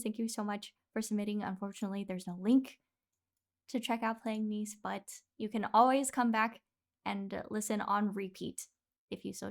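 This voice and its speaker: Gushing, high-voiced woman streamer. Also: fairly bright tone. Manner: effusive, gushing, laughs often. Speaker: streamer reviewing listener music. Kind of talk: casual live-stream commentary.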